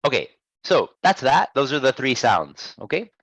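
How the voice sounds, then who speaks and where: A man teaching pronunciation one-on-one, patiently modelling words and gently correcting his student. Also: medium pitch, sing-song, normal speed, gravelly, slightly rough, dry recording, rough recording. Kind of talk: one-on-one lesson.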